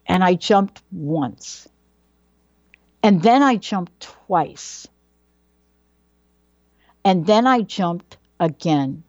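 A woman's voice: on the low side, lively intonation, extremely slow, long pauses, darkish tone, no echo, lo-fi sound. A woman telling a personal childhood story in a dramatic way, building suspense with questions and repetition.

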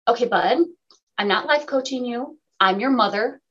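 A woman hosting a radio talk show in casual chat, animated and laughing, acting out quotes. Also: a little high, normal speed, dull audio.

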